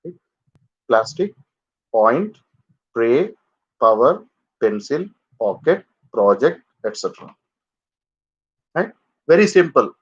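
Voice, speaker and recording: A man teaching English pronunciation in a live online lesson, drilling words slowly for students to repeat. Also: mid-range voice, sing-song, slightly rough, dull audio.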